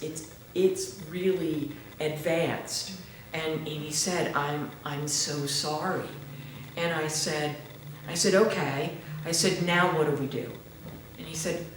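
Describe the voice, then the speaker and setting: A woman giving a halting, earnest personal testimony in a church interview, often restarting her words. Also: sits low. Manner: slow and earnest, turning tearful when moved. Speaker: interview guest. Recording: very echoey room with faint noise.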